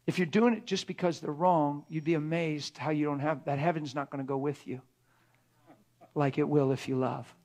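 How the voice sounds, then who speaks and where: A pastor giving a conversational sermon, earnest and full of rhetorical questions, acting out little dialogues. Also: male voice, a little high, a little mellow. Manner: earnest, acts out dialogue between spouses.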